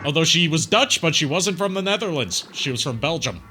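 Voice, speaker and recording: Bright-voiced easygoing male streamer. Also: a little high, expressive, brisk, soft background music. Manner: easygoing, reads out chat comments. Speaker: streamer host. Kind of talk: casual gaming chat.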